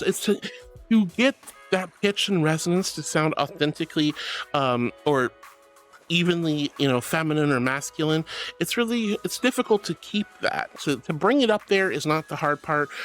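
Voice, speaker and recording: A woman streaming live and chatting with viewers, bubbly and gushing, greeting people with pet names. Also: sits low. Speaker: streamer reading chat. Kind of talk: casual live-stream chat.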